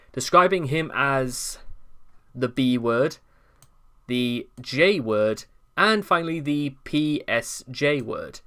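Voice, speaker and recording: A man's voice: mid-range voice, a bit bright. A man hosting a channel, reading a wiki article aloud in a casual, chatty way and often restarting his sentences. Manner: chatty and digressive, with frequent restarts. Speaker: commentary channel host.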